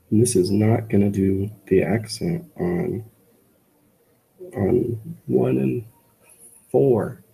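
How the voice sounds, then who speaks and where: A man's voice: lowish voice, vocal fry, poor audio. A man working as a music tutor, talking casually through a composition in a tutoring room, rambling and correcting himself as he goes. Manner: rambling, self-correcting, lots of "like".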